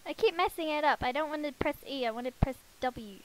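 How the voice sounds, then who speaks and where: A woman's voice: sits high, animated, fairly quick, poor audio. A woman giving casual, chatty commentary while playing a life-sim game, talking to her characters and poking fun at herself. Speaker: let's play gamer. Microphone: headset.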